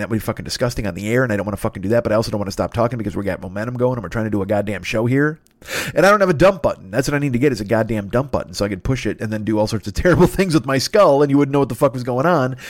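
He is a podcast host talking alone in a meandering, foul-mouthed, self-deprecating monologue, worn out, yawning and slightly blocked up in the nose. His voice is mid-range, recorded in a studio with no room sound.

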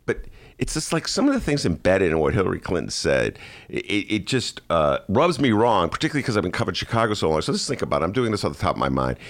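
A man's voice: deep voice, fast talker. A man hosting a political talk show, giving casual, sarcastic commentary with lots of "uh" fillers, speaking from a studio. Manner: sarcastic, animated, many "uh" fillers.

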